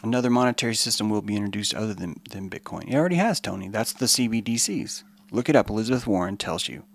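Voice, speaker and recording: A man hosting a podcast, giving an animated, profane, rambling monologue. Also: on the low side, fast, dry recording. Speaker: podcast host.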